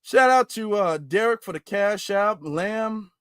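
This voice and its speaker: Man, livestream host, high voice, dry close sound, preachy and teasing, repeats himself. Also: animated, a little slow, clear, resonant tone, no room sound. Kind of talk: casual livestream talk.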